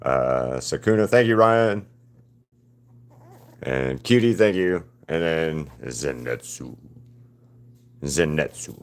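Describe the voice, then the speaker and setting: While live-streaming his painting, a man chats casually with viewers and greets them by name, rambling in a relaxed way. His voice is low-pitched and measured, with frequent pauses.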